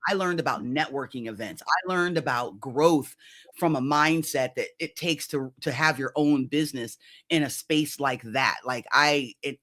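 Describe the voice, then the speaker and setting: A woman in her fifties, a coach, telling her own story in an interview in a lively, conversational way and often checking in with "right?". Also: low-pitched. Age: 50s. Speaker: executive coach guest.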